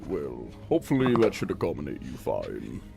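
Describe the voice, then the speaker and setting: A man voicing an elderly, grandfatherly male god who speaks deep, hushed and slow, in a gentle fatherly way. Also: wildly swooping pitch, creaky, music in the background, full character voice. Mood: kindly.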